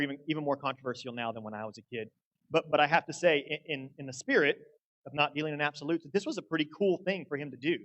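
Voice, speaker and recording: A man's voice: mid-range voice, a bit bright, low-quality recording. A young man preaching a sermon, folksy and earnest as he tells a story. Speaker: guest preacher.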